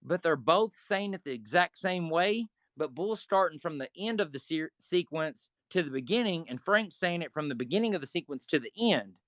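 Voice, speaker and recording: Man, middle-aged, slightly high voice, profane storyteller, dry close sound. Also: normal speed, hardly any pauses, dry recording. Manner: profane, animated, acts out quoted arguments. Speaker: interview guest. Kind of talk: casual storytelling.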